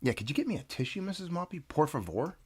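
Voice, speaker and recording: A man's voice: fairly high pitch, very animated, fast talker, crowd noise. A man hosting a casual livestream, rambling and greeting viewers by name, sounding stuffed up from nasal congestion. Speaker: livestream host.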